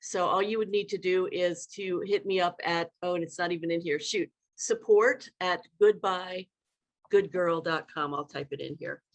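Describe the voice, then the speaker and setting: A woman leadership coach giving a live online workshop talk, demonstrating vocal inflections in an animated way. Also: fairly low pitch, normal speed.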